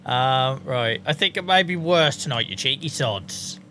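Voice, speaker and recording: A man streams a farming game with casual commentary, joking around, swearing freely, and chatting with his viewers. His mid-range voice is animated, unhurried, and sharp, with slight background noise.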